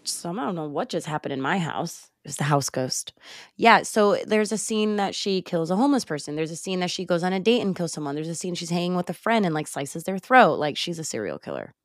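A young woman hosting a podcast from home, retelling a movie plot in a casual, animated way, with sighs and laughs. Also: lowish voice, brisk, dry recording, clean studio sound. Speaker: podcast host. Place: home, late at night. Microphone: remote call recording.

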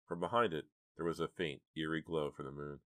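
A man narrating a horror audiobook in a steady, measured storytelling manner. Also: extremely low pitch, no echo, clean studio sound.

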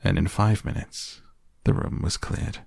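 A man reads a classic children's book softly for sleep, slow and even. His voice is deep with a gravelly fry. The recording is close and dry. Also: no room sound. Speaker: storyteller. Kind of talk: soft bedtime audiobook reading.

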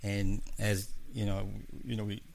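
A man's voice: lowish voice, level tone, measured pace, darkish tone. A man hosting a livestream, wrapping up a debate in a blunt, profane, rambling way. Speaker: host.

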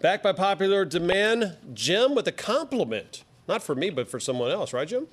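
A man's voice: sits high, big pitch swings, moderate pace. A man hosting a sports talk radio show, chatty and upbeat as he takes callers.

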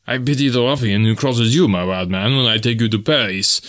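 A man doing an excitable French naval officer. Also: mid-range voice, a little fast, no room sound, clean studio sound, lightly acted. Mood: urgent. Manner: emphatic, raised exclamations.

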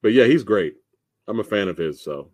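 A man hosting a relaxed chat, joking around and laughing a lot. His pitch swings widely and stays lively. The sound is dry and close. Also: moderate pace, dry recording. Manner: laughs often, loose and joking. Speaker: host. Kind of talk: casual chat.

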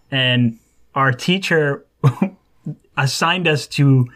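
A man's voice: fairly high pitch, fairly bright tone. A young man co-hosting a casual podcast, joking and laughing as he talks. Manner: joking, laughs mid-sentence. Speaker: podcast co-host. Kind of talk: casual chat.

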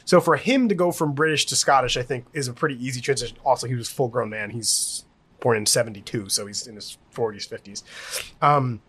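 A man co-hosting a casual TV recap podcast, rambling and animated, laughing often. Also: mid-range voice, fairly quick, husky. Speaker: podcast co-host.

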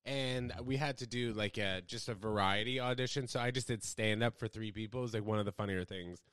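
A young American man chatting casually with his live viewers, rambling from topic to topic and swinging between loud bursts and low mumbles. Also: fairly quick, smooth, dry recording, studio quality. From United States. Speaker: livestreamer. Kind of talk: casual rambling livestream chat.

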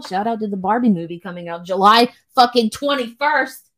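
A woman's voice: medium pitch, fairly quick, a bit bright. Chatty, rambling young woman podcast host. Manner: chatty, rambling, swears freely. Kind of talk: casual livestream chat.

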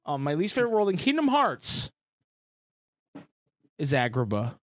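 Excitable laughing man, podcast co-host. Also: on the high side, normal speed, no echo, studio quality. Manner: excitable, laughing, swearing, riffing. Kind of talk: casual chat.

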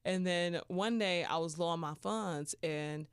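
Woman, podcast host, casual storytelling, animated and slangy, smooth clear voice, dry close sound. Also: fairly low pitch, unhurried, dry recording. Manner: animated and playful, with slangy asides and laughter.

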